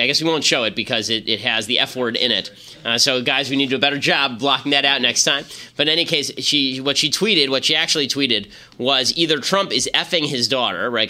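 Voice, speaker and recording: A man hosting a political podcast, talking fast and opinionated with frequent restarts. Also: mid-range voice, sharp tone. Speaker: podcast host. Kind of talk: political commentary.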